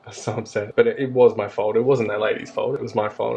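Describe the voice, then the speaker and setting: A man's voice: on the low side, little pitch movement, quick pace, gravelly, hardly any pauses, darkish tone. A man with an Australian accent tells a rambling, self-mocking storytime to his vlog camera in a casual chat. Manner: chatty, rambling and self-mocking, with frequent asides. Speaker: vlogger. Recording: slightly dull audio with faint background hiss.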